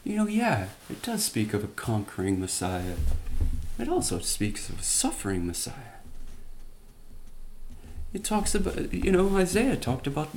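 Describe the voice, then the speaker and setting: A man's voice: medium pitch, wildly swooping pitch, measured pace, long pauses, a little mellow, a little hiss or hum. A man teaching from the Bible by retelling it as a story, with conversational asides and emphatic quoted lines.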